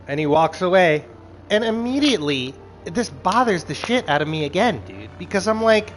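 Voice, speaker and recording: A man with a fairly high voice rants through a casual show recap, swearing freely and jumping into quoted asides. His delivery swings from low mutters to loud, exasperated peaks. Faint music plays behind him. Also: animated, normal speed, poor audio. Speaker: show reviewer.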